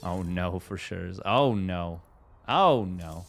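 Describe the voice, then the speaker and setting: A man's voice: sits low, lively intonation, slow pace, vocal fry, fairly bright tone, faint music behind. A Canadian man casting a tournament in a casual, chatty way, answering viewers' questions aloud. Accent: Canadian English. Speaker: tournament caster. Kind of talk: casual live commentary and chat reading.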